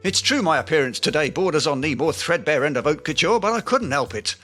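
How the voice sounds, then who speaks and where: Brief: man voicing pompous, blustering wannabe author, bright, swoopy comic delivery. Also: fairly high pitch, expressive, brisk, faint music behind. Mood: indignant. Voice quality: grandiloquent, blustering. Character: pompous self-deluded aspiring male writer. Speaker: comic lead. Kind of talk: comedy audio drama acting.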